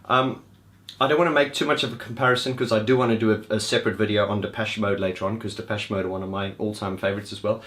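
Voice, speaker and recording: A man talks through a gig review in a loose, excited way, circling back and restarting his sentences. His voice sits on the lower side for a man. He sounds like someone sharing his enthusiasm straight to camera. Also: fast. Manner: enthusiastic, rambling with restarts and laughs. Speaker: music vlogger reviewing gigs. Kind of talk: casual spoken gig review.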